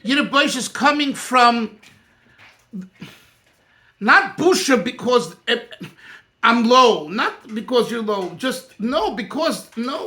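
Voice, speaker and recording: A man's voice: very high-pitched, expressive, slow, pauses often, pushed and bright. A man teaching a Torah class as rabbi, emphatic and thinking aloud, often restarting his sentences. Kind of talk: animated Torah class discussion.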